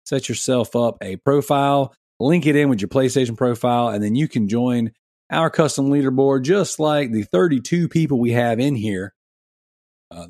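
A man's voice: mid-range voice, darkish tone, no room sound, studio quality. A man in his thirties hosting a casual gaming podcast, chatty and rambling, laughing often. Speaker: podcast host.

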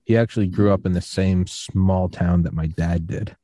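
A young man hosts a podcast in a low, mellow voice, chatting loosely and drifting into long stories. He acts out the people he quotes and then falls back into easy conversation. The sound is close and dry. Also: moderate pace, no room sound. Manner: rambling storyteller, quotes others in animated voices. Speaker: podcast host. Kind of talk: casual interview chat.

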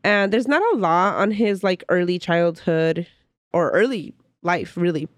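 A woman with a lowish voice co-hosting a casual history podcast, sounding a bit sick. She reads from notes in a chatty way and breaks off to laugh. The close mic is dry, with no room sound. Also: measured pace, no echo. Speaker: podcast co-host.

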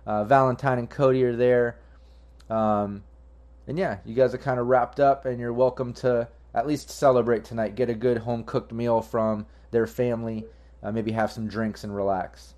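Casting: relaxed rambling game master guy, mid pitch, lots of ums. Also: normal speed. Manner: loose, rambling, frequent ums. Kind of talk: narrating a tabletop game.

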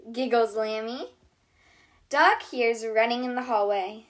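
A woman hosting a channel where she reads children's storybooks aloud in a gentle voice. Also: fairly high pitch. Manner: gentle, unhurried reading voice.

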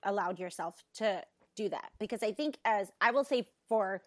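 A woman's voice: medium pitch, moderate pace. A woman in her thirties, a mother, chatting supportively and laughing easily in casual conversation. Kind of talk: casual chat.

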